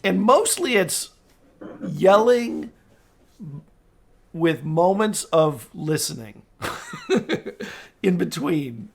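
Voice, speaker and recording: A man's voice: a little high, very animated, slow, gravelly, pauses often, husky. A man narrating as game master of a tabletop game, in a wry, amused way.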